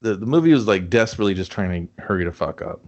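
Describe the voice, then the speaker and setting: A man's voice: on the low side, lively intonation, fast, a little mellow, dull audio. A man co-hosting a casual movie review chat, wry and joking, mockingly quoting characters. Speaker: podcast co-host.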